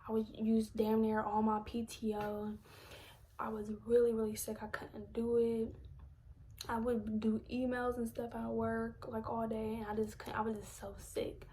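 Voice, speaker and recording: Soft-spoken young woman near tears. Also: on the high side, completely flat delivery, unhurried, slight background noise. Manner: soft-spoken, drops often into a breathy near-whisper. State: emotional, holding back tears. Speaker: vlogger telling a personal story. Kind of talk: candid personal storytelling on a live stream.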